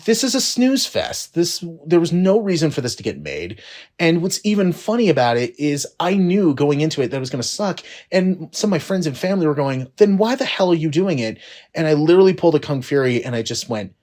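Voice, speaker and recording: A man giving a casual movie review, exasperated and profane, swinging between low mutters and loud, rising outbursts.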